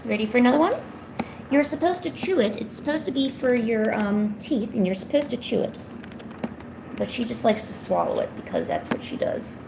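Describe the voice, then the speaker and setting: Woman on a home art stream, baby-talking her cat, gravelly edge, slight hiss behind. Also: on the high side, animated, moderate pace. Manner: cooing baby talk to her cat, chatty asides to viewers. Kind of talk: casual live-stream chat.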